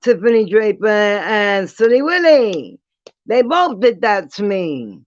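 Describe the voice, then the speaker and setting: A woman ranting bluntly to her viewers in a casual vlog, defiant and dropping quick apologies. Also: medium pitch, sing-song, no echo. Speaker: vlogger. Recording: dull lo-fi dry sound.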